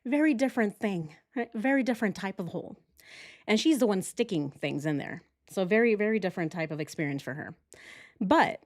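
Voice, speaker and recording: A woman's voice: mid-range voice, sing-song, a little fast, darkish tone. A woman hosting a true crime reaction video, chatting casually in a sarcastic, emphatic way.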